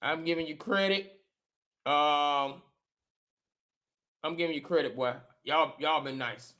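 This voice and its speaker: A man, a former football player, co-hosting a live sports show, talking in an animated, emphatic, slangy way, often repeating himself. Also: a little high, takes it slowly.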